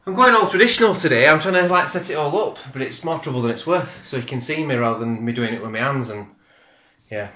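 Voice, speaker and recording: A middle-aged man talks fast with lively intonation and a sharp, medium-pitched voice while reviewing beer. Filmed casually at home on a camera mic with roomy echo, he's chatty, rambling, and quick to put himself down.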